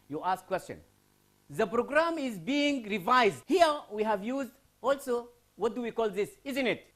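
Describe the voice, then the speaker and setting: A man from Sudan teaching English in a televised university lecture, repeating key phrases and asking rhetorical questions. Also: sits high. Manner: repetitive, rhetorical questions, drawn-out emphasis. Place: university TV studio.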